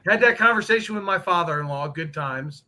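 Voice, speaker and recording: A man with a high, very bright and piercing voice who chats casually on a live stream. He swears freely and tells joking stories with a lot of energy. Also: animated, brisk, poor audio. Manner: profane, joking storyteller. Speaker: guest on a motorcycle live stream.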